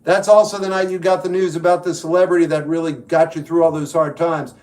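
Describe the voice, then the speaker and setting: A man's voice: a little high, little pitch movement, fairly quick, a little mellow. A man from New Jersey hosting a livestream, reading viewer comments and giving blunt, wry advice. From New York / New Jersey. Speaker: livestream host and musician. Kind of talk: casual livestream chat answering viewers.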